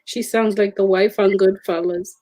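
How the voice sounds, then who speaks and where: A woman's voice: mid-range voice, normal speed, no room sound. A woman chatting casually from off camera, commenting and laughing easily. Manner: relaxed commenting, easy laughter. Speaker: off-camera companion. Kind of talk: casual chat.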